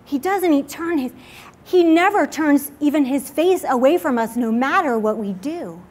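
A woman's voice: sits high, lively intonation, moderate pace, a little mellow. Earnest young woman giving a testimony. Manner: earnest and confessional, many fillers like "like". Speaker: speaker at a church midweek service. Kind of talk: personal testimony sermon.

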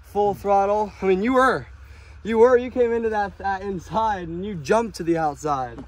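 A man's voice: sits high, normal speed. A man coaching riders at an outdoor sandy dirt-bike track, direct and encouraging, sometimes imitating throttle sounds. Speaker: motocross coach.

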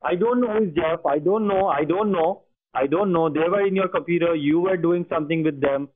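A man's voice: fairly high pitch, brisk, no room sound. A man, a phone scammer posing as tech support, who insists and repeats his questions over and over. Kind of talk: pushy scam phone call. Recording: tinny phone line with faint music.

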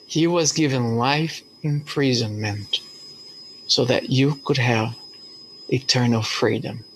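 A man's voice: medium pitch, slow pace, a little hiss or hum. A man preaching a sermon as pastor, telling a story earnestly with hesitations.

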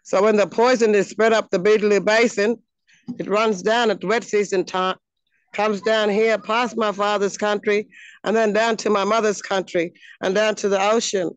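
A woman from the Northern Territory of Australia with an Australian accent, speaking in an earnest, halting way with frequent pauses, giving a heartfelt personal address outdoors. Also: medium pitch, steady tone, no room sound, rough recording. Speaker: speaker at a launch event. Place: outdoors on her home land.

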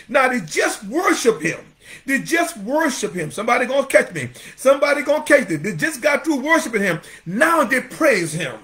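Preacher man going hard, high voice swinging way up and down, calling folks out by name. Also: very animated, moderate pace, a bit bright. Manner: fervent preaching, calls out congregation members by name. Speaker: pastor. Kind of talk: sermon.

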